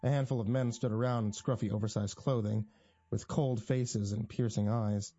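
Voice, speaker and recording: Man, first-person horror story narration, husky, dark mellow tone, tense measured delivery, lo-fi. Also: on the low side, steady tone, no echo.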